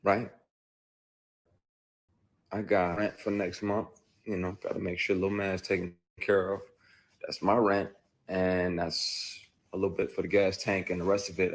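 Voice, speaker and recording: A man with a very low, husky voice tells a story candidly over a phone livestream. He speaks with heated emphasis, pushing into loud bursts before dropping back down. The grain in his voice stays rough throughout. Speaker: actor. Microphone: phone on a live stream.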